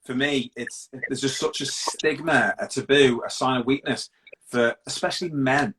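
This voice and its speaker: A man's voice: medium pitch, fairly even intonation, pushed and bright, slight background noise, low-quality recording. A middle-aged man from Britain, a guest in an interview, telling his story openly and bluntly with many restarts. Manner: open, blunt, halting with restarts.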